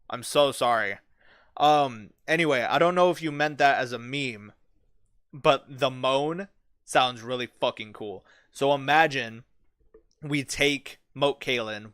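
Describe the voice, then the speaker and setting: Male livestream host, swears freely and spins hushed dramatic tales, dry close mic. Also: medium pitch, no room sound. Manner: profane, animated, storytelling with dramatic hushed build-ups. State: bit his cheek, sore mouth. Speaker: livestream host reading chat. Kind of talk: casual livestream chat.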